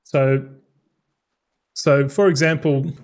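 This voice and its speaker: A man's voice: fairly high pitch, steady tone, takes it slowly. Rambling, swearing young man streamer. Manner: repetitive, stumbling, swears freely. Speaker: gaming streamer. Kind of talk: casual rambling stream talk.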